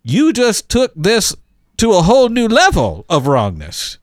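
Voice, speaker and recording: Emphatic lively man giving advice. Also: sits high, measured pace, dry recording, studio quality. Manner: emphatic, lively, many restarts and fillers. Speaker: podcast co-host giving advice. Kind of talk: casual advice podcast chat.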